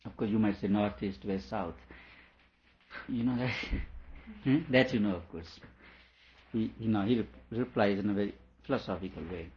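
Low-voiced man lecturing on scripture. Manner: deliberate, explains by repeating and rephrasing. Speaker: teacher. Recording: dull lo-fi recording.

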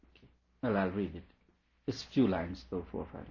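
Low-voiced man explaining scripture. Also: moderate pace, long pauses, a little mellow. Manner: repeats questions aloud, then explains patiently. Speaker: teacher. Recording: dull lo-fi recording.

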